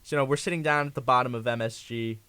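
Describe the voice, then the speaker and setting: A man's voice: medium pitch, fairly even intonation, fast, sharp tone, smooth, dry recording. Rambling young man telling a story. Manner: rambling anecdote full of fillers and restarts. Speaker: guest. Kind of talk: casual storytelling on a talk show.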